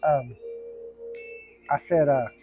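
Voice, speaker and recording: A man's voice: medium pitch, slow, warm tone, highs cut off, soft background music. A middle-aged man, a firefighter, telling a personal story to camera in a blunt, profane, rambling way with many restarts.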